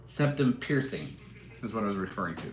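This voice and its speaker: A man's voice: fairly low pitch, expressive, brisk, slight background noise. A man hosting a casual livestream, rambling and joking as he reads out and answers chat comments. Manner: joking, rambling, chuckling while reading chat. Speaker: livestream host. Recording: roomy echo.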